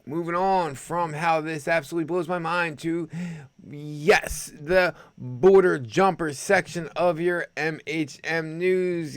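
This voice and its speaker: A man's voice: on the high side, a little slow. A man hosting an opinionated news commentary show, sarcastic and rambling as he reads headlines. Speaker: host.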